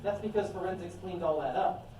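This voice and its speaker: A woman's voice: fairly low pitch, fairly quick. A woman improvising a comedy scene, giggly and questioning, trying for a put-on Boston accent. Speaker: improv performer. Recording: echoey room from a distant mic with faint noise.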